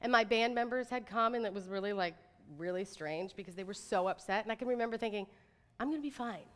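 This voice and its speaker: A woman's voice: mid-range voice, quick pace. A woman in her thirties giving a chatty, inspirational talk to an audience, with lots of "like" and "right?". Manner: chatty, animated, says "like" and "right?" often. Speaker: motivational speaker. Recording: reverberant hall.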